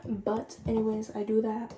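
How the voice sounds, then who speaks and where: A chatty teenage woman tells a story straight to her viewers while working through her skincare routine. Her voice sits a little high with a mellow softness. She is some way from the mic in an echoey room. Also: normal speed, slight background noise. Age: late teens. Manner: chatty, animated, addresses viewers directly. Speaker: vlogger. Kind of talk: casual storytime chat. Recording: roomy and distant from the mic.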